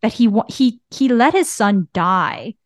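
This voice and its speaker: A woman's voice: on the high side, animated, a little slow, no echo, clean studio sound. A woman co-hosting a casual faith podcast, earnest and a little teasing. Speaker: podcast co-host.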